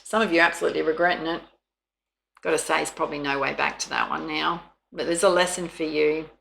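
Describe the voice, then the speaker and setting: A woman's voice: low-pitched, fairly even intonation, quick pace, creaky, fairly bright tone, a little hiss or hum. An Australian woman giving a chatty, soothing tarot reading, with frequent laughs. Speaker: tarot reader.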